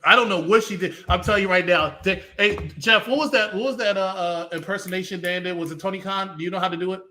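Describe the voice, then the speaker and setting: Man, high voice, bright tone, teasing, laughing, casual podcast chat. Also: fast. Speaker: podcast co-host.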